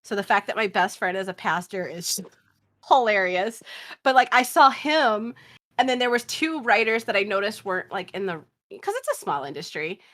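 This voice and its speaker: A woman from the South, a podcast guest telling long, animated stories in casual chat and swearing freely. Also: medium pitch, normal speed.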